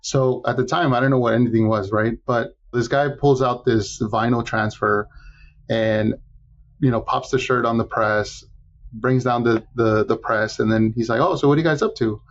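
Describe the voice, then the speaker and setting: A man speaking as a podcast guest, telling his story casually and lively, and acting out the voices of the people he quotes. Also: mid-range voice, moderate pace, dull audio. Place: Los Angeles area.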